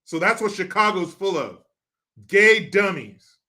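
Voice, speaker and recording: A man's voice: sits high, lively intonation, a little slow, bright, forceful tone. A man hosting his own show, ranting through sarcastic, profane political commentary full of mockery. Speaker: show host.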